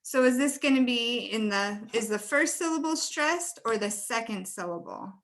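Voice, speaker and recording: A woman leading an online teacher-training webinar, slowly and carefully modeling words for pronunciation practice. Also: on the high side, lively intonation, a bit bright.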